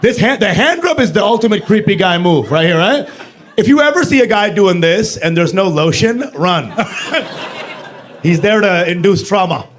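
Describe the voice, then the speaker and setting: A man's voice: high voice, animated, normal speed. A male stand-up comedian with a brash, crude, punchy delivery.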